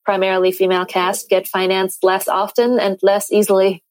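A woman actress and director, talking at length in an animated, chatty way as a podcast guest. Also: medium pitch, fairly quick, no echo, rough recording. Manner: animated, talkative, many fillers and restarts. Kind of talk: casual interview chat.

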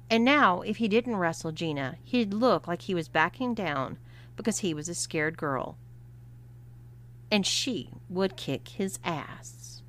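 A woman narrating a story, reading expressively and at a measured pace. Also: medium pitch, a bit bright.

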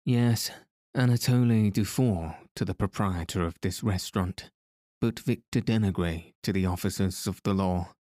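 A man's voice: deep voice, a little slow, a little mellow, no room sound, clean studio sound. A man reading as a sly blackmailing ex-detective. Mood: insinuating. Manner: cool, insinuating, threatening. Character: sly, menacing former detective, about forty.

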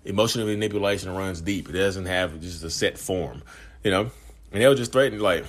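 A man's voice: low voice, a little fast. A man hosting his own vlog, talking casually to camera in a rambling way, restarting sentences and addressing viewers directly. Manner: rambling, conversational, frequent restarts and asides to viewers. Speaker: vlog host.

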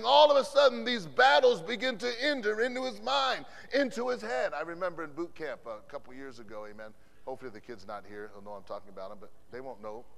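A man preaching a sermon as pastor. He drops "amen" between phrases and swings from loud declarations to hushed asides. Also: very high-pitched, vocal fry. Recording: long hall reverb from a conference sanctuary.

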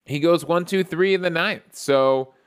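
A man with a smooth, clear voice pitched a little high walks through a game recap on his own show. He tells it like play-by-play, keeps getting excited, and often restarts a sentence mid-thought. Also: unhurried. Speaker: podcast host. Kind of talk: casual solo game recap.

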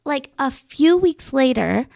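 A woman in her thirties tells a story in casual, animated chat with a strongly gravelly, fry-laden voice. She swears freely, and the sound is dry and close. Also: sits high, slow pace, dry recording. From Georgia, USA. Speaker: guest.

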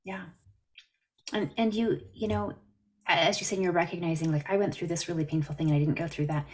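A Canadian therapist appears as a guest on a podcast interview held over a video call, speaking earnestly as she explains and tells stories. Her voice is on the low side, with fairly even intonation and a brisk delivery.

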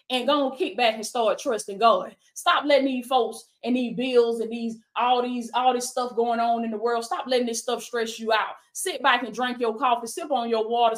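A woman's voice: fairly high pitch, fairly bright tone. A woman preaching a motivational sermon on a livestream, calling out to viewers with "come on now" and "baby" and reading out their comments. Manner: reads viewer comments aloud. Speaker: life coach and preacher.

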